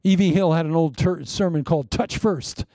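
A male pastor delivers a lively sermon, breaking into laughter and acting out little scenes along the way. His voice sits a bit high for a man, with a gravelly, mellow texture. The sound is close and dry. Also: normal speed, no echo. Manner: animated preaching with laughing asides and playacted anecdotes.

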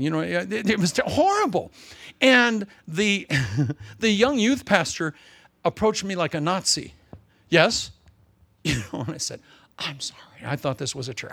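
A man preaches a sermon in a gravelly voice that sits a little higher than most men's. He tells stories with lively acted-out quotes and closes in prayer. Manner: animated storytelling with acted-out quotes.

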